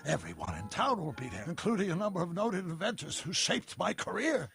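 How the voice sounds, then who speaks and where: A man voicing an eccentric, excitable older male inventor in a video game, theatrical and given to sudden outbursts. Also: high-pitched, fairly quick, vocal fry, soft background music, heavily acted.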